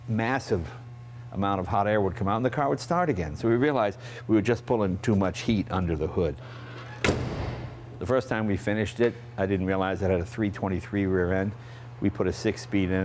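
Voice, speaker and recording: A man in his sixties, raised in Massachusetts, talks in a lowish voice as he hosts his own show. He tells car stories in a chatty, animated way and slips into the voices of the people in them. Faint noise sits behind him. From Massachusetts, USA. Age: 60s. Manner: chatty, animated, acts out family members' lines. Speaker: host. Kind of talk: casual storytelling about cars.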